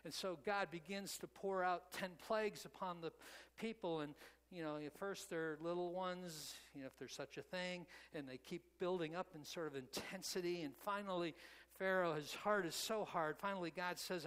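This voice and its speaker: High-voiced preacher in a reverberant hall. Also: male voice, moderate pace, fairly bright tone, smooth. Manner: conversational storytelling with "you know" asides. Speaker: pastor. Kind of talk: sermon.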